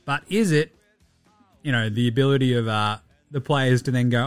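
A man's voice: medium pitch, moderate pace, clean tone, no room sound, soft background music. A man with an Australian accent hosting a podcast in casual sports chat, blunt and sweary, often mocking others in put-on quotes. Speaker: podcast host.

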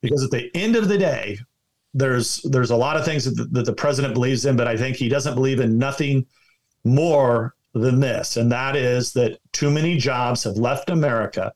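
A man's voice: mid-range voice, moderate pace, darkish tone. A man talking as a guest in an interview, giving emphatic partisan commentary full of restarts and repeated words. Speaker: political guest.

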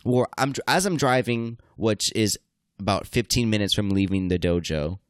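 A man hosting a casual chat, telling a crude, profane story with lively energy. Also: lowish voice, moderate pace, clean tone, no room sound.

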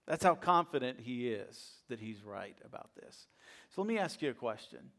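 A middle-aged American pastor preaching a sermon, swinging from loud rhetorical questions down to quiet asides. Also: male voice, mid-range voice, big pitch swings, moderate pace.

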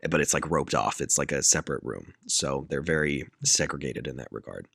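Man, very deep voice, dry close sound, casual movie recap, deadpan quotes. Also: fairly quick, vocal fry, husky, no room sound. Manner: laid-back storyteller, deadpan quoting, laughs often. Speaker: podcast co-host retelling a movie. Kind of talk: casual chat.

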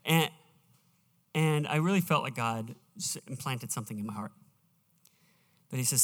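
A male pastor preaching a sermon, emphatic and slowing down as he reads scripture aloud in a church auditorium. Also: medium pitch. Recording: reverberant hall, live church sound.

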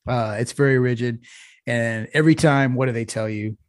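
A man's voice: medium pitch, normal speed, dry recording, studio quality. A man co-hosting a podcast in casual banter, telling rambling stories full of swearing. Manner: rambling storyteller, heavy swearing, says "bro". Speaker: podcast co-host.

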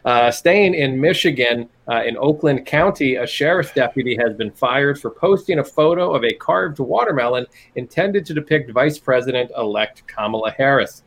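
A man's voice: mid-range voice, lively intonation, normal speed, hardly any pauses, a bit bright. A man co-hosting a casual podcast, reading out news stories and adding wry, joking asides. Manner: wry, reads news items with jokey asides. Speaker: podcast co-host. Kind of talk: casual news-commentary chat.

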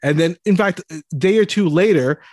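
A man's voice: sits high, normal speed, a little mellow, dry recording, clean studio sound. A man in a casual conversation, talking in a thoughtful and agreeable way.

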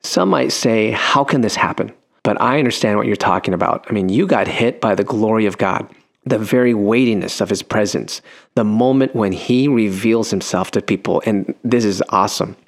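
A man's voice: fairly low pitch, moderate pace, gravelly. A man hosting a faith radio interview, affirming and encouraging as he asks questions. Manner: affirming, brief encouraging responses. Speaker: radio show host.

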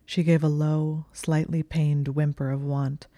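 An audiobook narrator reading fiction in a calm, even storytelling manner. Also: mid-range voice, a little slow, no echo, clean studio sound. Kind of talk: scripted narration of fan fiction.

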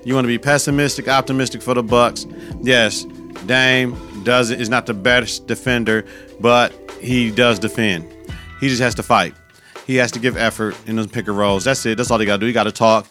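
Male podcast host, casual profane sports talk, mid pitch, faint music underneath. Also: fairly even intonation, moderate pace, sharp tone. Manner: loose, profane, slangy, conversational.

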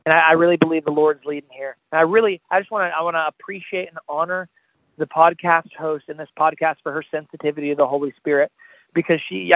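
A man's voice: fairly high pitch, no room sound. A man, an evangelist, preaching with impassioned, pleading, repetitive calls on a podcast. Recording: tinny phone-line sound, dry.

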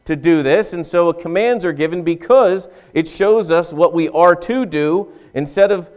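A man's voice: fairly high pitch, a little slow, a little mellow. A male pastor preaching a sermon, telling a story and rising to emphatic calls to his listeners.

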